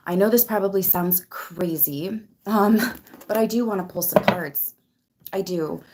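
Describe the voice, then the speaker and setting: A woman with a mid-range, warm voice speaks at a measured pace, with a little hiss or hum in the background. She hosts a tarot channel and chats casually on a livestream, emotional, grateful and close to tears as she greets viewers by name.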